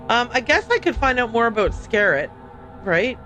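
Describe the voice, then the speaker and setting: A woman's voice: fairly high pitch, very animated, normal speed, fairly bright tone, soft background music. A woman hosting a livestream, chatting casually and rambling as she plays a game, often stopping to correct herself. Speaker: livestream host playing a game. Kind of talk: casual gameplay commentary.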